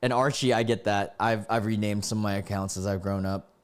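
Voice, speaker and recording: Low-voiced man reading stories on stream. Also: fairly even intonation, a little fast, smooth. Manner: reactive, breaks off to comment and greet chat. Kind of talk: live-stream story reading with asides.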